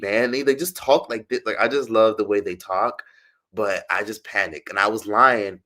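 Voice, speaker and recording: A man's voice: on the low side, moderate pace, bright, forceful tone. A man from the United States chatting casually on a livestream, rambling and swearing as he tells stories. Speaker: streamer.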